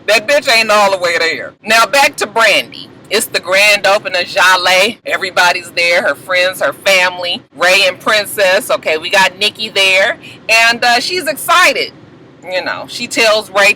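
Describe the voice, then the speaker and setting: A woman talks through a TV episode she has just watched, casual and full of swearing. Her voice is sharp and bright, with big jumps in pitch as she acts out what each person said. A faint hum sits behind her. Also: normal speed, rough recording. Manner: animated, profane, acts out the quoted lines. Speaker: TV show reviewer. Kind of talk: casual recap commentary.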